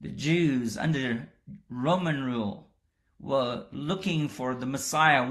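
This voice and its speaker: A man preaching in a slow, deliberate sermon cadence. His voice sits at a middle pitch and lifts sharply when he voices the disciples' astonishment. The pace stays unhurried throughout. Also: a bit bright. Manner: slow, measured delivery that rises when voicing the disciples' astonishment.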